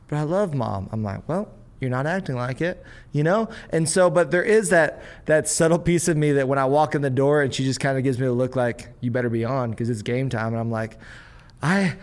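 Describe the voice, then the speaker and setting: A young adult man hosting a podcast as a pastor, telling family stories in a lively way and acting out the voices of his kids and his dad. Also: mid-range voice, clean tone. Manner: animated storyteller acting out family scenes. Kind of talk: casual podcast conversation.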